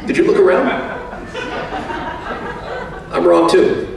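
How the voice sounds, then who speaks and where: A man's voice: high-pitched, big pitch swings, takes it slowly, gravelly, distant mic. A man giving an after-dinner banquet speech, telling self-mocking stories in a joking way. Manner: self-mocking, jokey storytelling. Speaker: banquet speaker, radio executive. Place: banquet hall. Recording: echoey hall, voice from afar.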